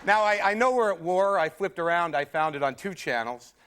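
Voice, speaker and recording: Performing stand-up on a TV studio stage before an audience, a man acts out the voices of the people he describes. His voice is high-pitched, expressive and brisk, heard over a very noisy crowd. The broadcast stage sound carries audience laughter throughout.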